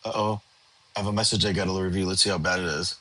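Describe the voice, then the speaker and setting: Bright-voiced tired man chatting on a livestream. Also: sits low, fairly even intonation, fast, dry recording, rough recording. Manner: chatty, rambling, reads and answers chat comments. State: tired, yawning. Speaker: livestream host. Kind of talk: casual livestream chat. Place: his bedroom.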